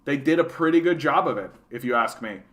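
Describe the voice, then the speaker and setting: A man's voice: a little high, animated, a little fast, fairly bright tone. A man with a Canadian accent hosting a casual livestream, rambling and swearing, and often tagging his sentences with "right?". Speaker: livestream host.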